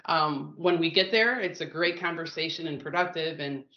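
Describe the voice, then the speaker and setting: Woman, mid-pitched, chatty guest telling stories with laughs. Roomy, dull remote-call audio. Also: moderate pace. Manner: lively, laughing storyteller who acts out quotes. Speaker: communications consultant guest. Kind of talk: casual storytelling.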